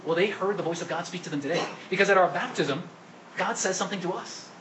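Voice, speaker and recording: A man's voice: high voice, quick pace, noisy background. A man preaching a sermon at Mass as the priest, asking the congregation questions and coaxing them to answer. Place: church during Mass.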